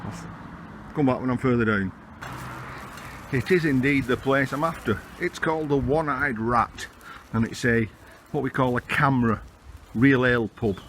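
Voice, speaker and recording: A chatty man with a Lancashire accent narrates a casual travel vlog from a handheld camera, rambling along with easy fillers. His voice sits at an ordinary middle pitch for a man. Faint street or pub ambience hums in the background. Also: measured pace, pauses often, a bit bright, slight background noise. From Lancashire, England. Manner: chatty, rambling storyteller with frequent "uh"s. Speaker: travel vlogger. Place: outdoors on a town street, then inside a pub.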